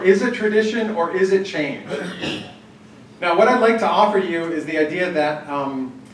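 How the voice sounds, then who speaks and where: A man with a fairly high voice speaks to a gathered group in a relaxed, anecdotal way, often pausing on fillers and restarting his sentences. He sounds set back from the mic, and the hall's echo hangs around his words. A faint room ambience runs underneath. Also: a little hiss or hum. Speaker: workshop speaker on church planning. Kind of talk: storytelling talk to a live group. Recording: echoey hall, distant mic, faint ambience.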